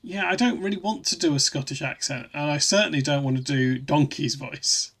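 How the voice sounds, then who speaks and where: Male streamer, gravelly and a touch high-pitched, loose rambling chat delivery. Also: a little fast, a bit bright. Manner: rambling, restarts often, reads chat aloud. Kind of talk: casual live-stream chat.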